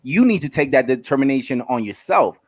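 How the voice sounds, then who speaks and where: A man's voice: medium pitch, big pitch swings, brisk, slightly rough. A man with a mid-range voice arguing a point in casual sports talk. He stumbles and restarts, repeating words before he gets the sentence out. He sounds like a regular on the show.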